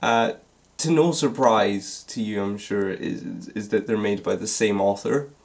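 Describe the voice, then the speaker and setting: A man's voice: fairly low pitch, a little slow, gravelly. A young man doing a comedic reading of fan fiction aloud, breaking off for sarcastic, laughing asides. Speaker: vlogger. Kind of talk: comedic dramatic reading with commentary.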